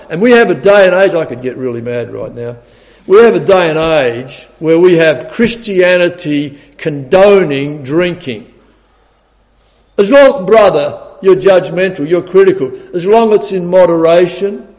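A man's voice: a little high, gravelly, a little mellow. Emphatic man preaching in a hall. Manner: earnest, emphatic, repeats key words. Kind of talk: sermon. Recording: dull recording with long hall reverb.

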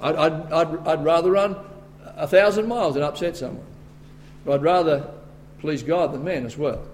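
A man with an Australian accent preaching a sermon, quoting scripture and rising to forceful, emphatic bursts. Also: on the high side, normal speed, slight background noise.

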